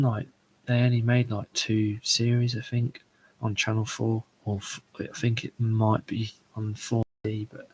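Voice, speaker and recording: A man, hosting a solo live chat, talking in a rambling, halting way full of fillers and restarts. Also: lowish voice, a bit bright, low-quality recording. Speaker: show host. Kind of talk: solo live chat about comedy shows.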